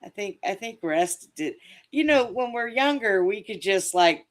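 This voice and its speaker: A woman's voice: medium pitch, lively intonation, unhurried. Chatty laughing woman co-host. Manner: laughs often, teasing, chatty. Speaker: podcast co-host. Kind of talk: casual chat.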